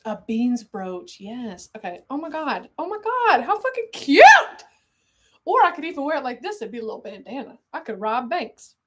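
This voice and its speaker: A young woman with a high, bright-pitched voice chats on a live unboxing stream. She is excitable and rambling, swears casually and keeps drifting from one tangent to the next. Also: fairly quick, few pauses, husky. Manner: excitable, rambling storyteller who swears freely and keeps getting sidetracked.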